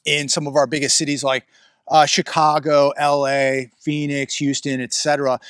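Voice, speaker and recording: A man speaks bluntly and rambles as he vlogs from a ranch, his voice sitting a bit higher than most men's. The sound is close and dry. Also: a bit bright, no room sound. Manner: rambling, blunt, talks to his dog mid-thought. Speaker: vlogger. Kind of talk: casual outdoor commentary. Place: outdoors on a rural ranch. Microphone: phone or camera he adjusts himself.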